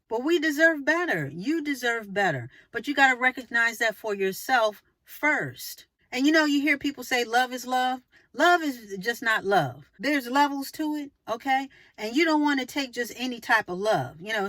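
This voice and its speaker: Speaking to camera in a casual monologue, a woman with a slightly bright voice hands out relationship advice, emphatic and preachy and full of rhetorical questions. She acts out short quoted lines with exaggerated jumps in pitch, and the recording is dry.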